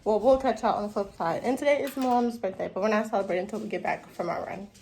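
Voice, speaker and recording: A woman's voice: medium pitch, fast talker, a little mellow, a little hiss or hum. A woman vlogger chatting casually and talking straight to her viewers. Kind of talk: casual vlog chat.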